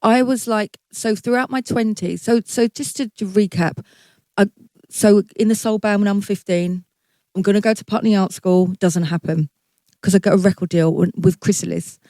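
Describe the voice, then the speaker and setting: A woman's voice: medium pitch, steady tone, moderate pace, mellow, dry recording. A middle-aged woman, a guest singer, telling her career story in a candid, chatty way, swearing freely and acting out her past thoughts.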